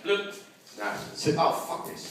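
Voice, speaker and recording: An older man headlines a comedy club with a crude, boisterous stand-up set, bantering with the crowd at a measured pace. Recorded from far off in an echoey club, his voice competes with heavy background noise, a loud crowd, and audience laughter.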